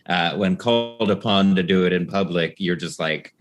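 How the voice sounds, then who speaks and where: A comedian chatting casually on a podcast in a wry, joking way. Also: male voice, deep voice, normal speed, music in the background.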